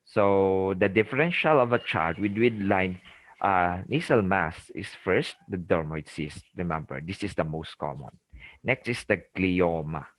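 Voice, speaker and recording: Recorded dry and in low quality, this medical lecture comes from a middle-aged ENT surgeon from the Philippines with a Filipino accent. His low-pitched voice has a fairly bright tone, and he reinforces key terms through repetition, often adding "okay?" and "remember".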